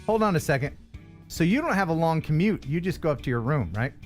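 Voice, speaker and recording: A man hosting a casual livestream chat with a neutral American broadcast accent. He jokes and talks in an animated way. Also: fast, soft background music. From Philadelphia area, US. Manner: joking, animated, jumps in pitch when excited. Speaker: host.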